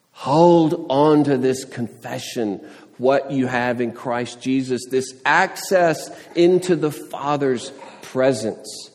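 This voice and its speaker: A man's voice: fairly high pitch, a little mellow, long reverb tail. A man preaching a sermon, earnest, pressing his points with rising questions and everyday illustrations. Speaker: pastor.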